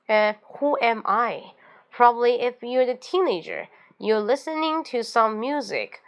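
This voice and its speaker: Mandarin-accented woman teaching English phrases. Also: mid-range voice. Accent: Mandarin Chinese. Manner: lively teaching with acted example phrases, mixing in Mandarin explanations. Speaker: host. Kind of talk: English lesson talk show.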